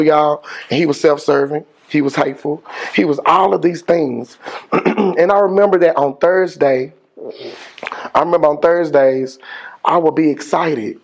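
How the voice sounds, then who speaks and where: A middle-aged man, a school principal giving an energetic motivational speech with call-and-response and slangy phrasing. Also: a little high, vocal fry, lo-fi sound. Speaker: high school principal, guest speaker.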